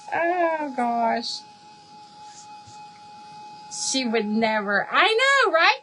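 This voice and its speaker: A woman hosts a crafting livestream in a slow, easy way, her voice a little high and swinging widely in pitch. She chats and laughs freely while answering her viewers. A faint hiss sits under the recording. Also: pushed and bright. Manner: chatty, laughs often, reads viewer comments aloud. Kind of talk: casual live chat while crafting.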